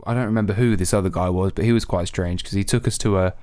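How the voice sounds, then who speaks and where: A man's voice: low voice, fairly even intonation, fast talker, darkish tone. A man in his twenties, co-hosting a casual chat podcast with lots of laughing and swearing. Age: 20s. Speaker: podcast co-host.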